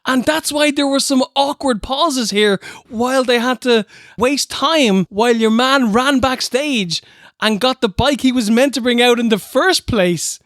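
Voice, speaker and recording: Irish man telling stories slowly. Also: extremely high pitch, no room sound, studio quality. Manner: animated storytelling, mimics people. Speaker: podcast co-host. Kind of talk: casual review chat.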